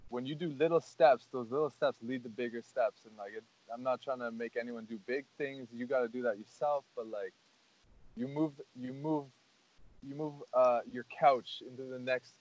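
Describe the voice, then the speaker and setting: A man's voice: mid-range voice, a little mellow. Rambling earnest man, dull lo-fi sound. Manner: rambling, earnest, heavy on "like" and "you know". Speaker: podcast host. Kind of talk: casual podcast chat. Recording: dull lo-fi audio.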